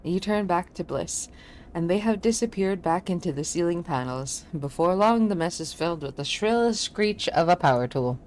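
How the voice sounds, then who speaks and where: Brief: low-pitched female streamer, laid-back, self-deprecating, reads game narration aloud. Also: lively intonation, moderate pace, a little mellow, a little hiss or hum. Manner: casual, self-deprecating, laughs often. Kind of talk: playing a game and reading its text aloud.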